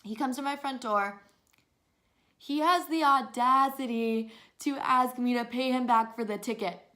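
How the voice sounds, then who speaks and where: A woman in her twenties telling stories to camera in an animated, exasperated way, often breaking into laughs. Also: a little high, measured pace. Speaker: vlogger. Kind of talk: casual storytelling to camera.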